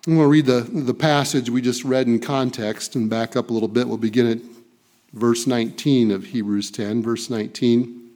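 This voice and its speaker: A man's voice: mid-range voice, steady tone, moderate pace, warm tone. A man preaching a sermon, reading scripture and stressing key phrases by repeating them. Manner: emphatic, repeats key phrases, occasional restarts.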